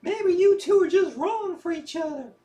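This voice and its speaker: A woman plays a blunt, teasing friend in an audio drama, someone who hides a soft side. Her voice is very high, and she delivers her jabs plainly, with no fuss. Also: moderate pace, highs cut off.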